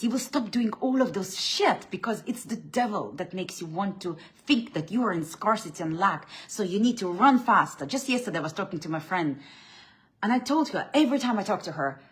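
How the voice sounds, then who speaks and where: A woman giving a blunt, preachy faith talk as a spiritual coach, swinging from loud emphatic bursts to low quiet lines, often restarting and repeating words. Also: lively intonation, moderate pace.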